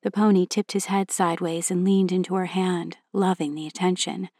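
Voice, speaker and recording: Storyteller: woman, lowish voice, steady clear narration, dry close recording. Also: normal speed, no echo.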